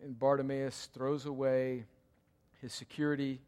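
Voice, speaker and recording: A male pastor preaching in a church, his voice trailing off into a long hall reverb. He presses his points by repeating them, rising to loud cries and then sinking to near-hushed tones. His pitch sits in an ordinary middle range for a man. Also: level tone, measured pace, clean tone. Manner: emphatic, repeats key lines, swings between loud cries and hushed tones. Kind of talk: sermon.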